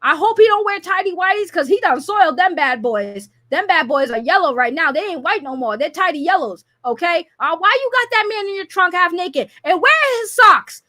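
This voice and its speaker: A woman streaming live, ranting loudly with profane, mocking comic riffs at a caller. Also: very high voice, no room sound, clean studio sound. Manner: loud, profane, mocking, rapid comic riffing. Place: home.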